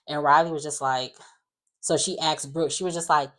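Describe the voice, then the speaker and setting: A woman's voice: sits low, fairly even intonation, measured pace. A woman casually recapping a reality show, retelling scenes with quoted voices and sassy asides.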